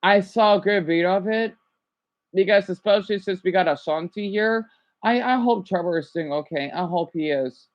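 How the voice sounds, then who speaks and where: A woman vlogger chats casually while watching a video. She repeats herself and sounds out foreign words as she goes. Her voice sits at an ordinary pitch, and the recording is a little dull and lo-fi. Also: normal speed.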